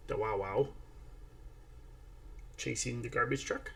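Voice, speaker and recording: Casual tutorial host, male, mid pitch, gravelly texture, chatty. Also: slow pace, fairly bright tone. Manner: chatty, narrating each step while talking to a toddler. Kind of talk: casual screen-share tutorial.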